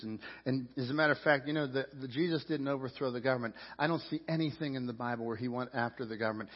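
A male pastor preaching a sermon, swinging his pitch and loudness and acting out the voices of a crowd. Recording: dull lo-fi sound with long reverb in a hall.

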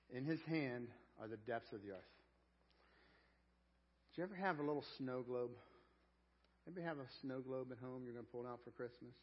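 Preaching a sermon, this pastor sounds earnest and folksy, repeating words while he searches for the right ones and shifting between loud emphasis and quiet intensity. His voice is medium-pitched and fairly quick, broken by long pauses. The church recording is dull and lo-fi.

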